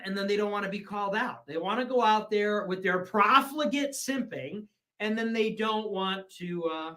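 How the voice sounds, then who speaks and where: A man hosting a livestream show, talking in a rambling, combative monologue that swings from loud bursts to low mutters. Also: moderate pace. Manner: self-assured, talks in repeated short phrases.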